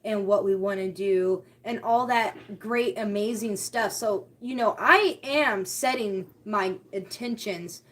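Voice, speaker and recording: A woman's voice: medium pitch, slow, hardly any pauses. A woman hosting a spiritual live stream, talking casually and heartfelt, often repeating her key words.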